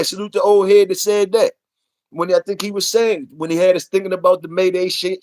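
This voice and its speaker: A man's voice: a little high, no room sound. A man, hosting a casual livestream, ranting in a profane, repetitive and emphatic way. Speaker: livestream host.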